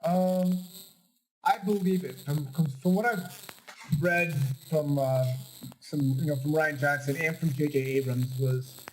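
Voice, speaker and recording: A man's voice: fairly high pitch, measured pace, slight background noise, rough recording. A man co-hosting a podcast in casual chat, hesitant and often restarting his sentences. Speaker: podcast co-host. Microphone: home podcast mic.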